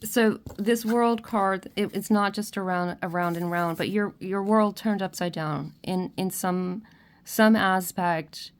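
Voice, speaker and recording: A woman reads tarot cards for her viewers in a soft, comforting, halting way. She keeps breaking off and restarting, and she often checks in with a quiet "okay?". She is close to tears, and her voice sits in an ordinary middle pitch. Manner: gentle, emotional, many restarts and "okay?" check-ins. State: tearful, crying at times. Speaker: tarot reader. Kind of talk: spiritual pick-a-card reading, speaking to viewers.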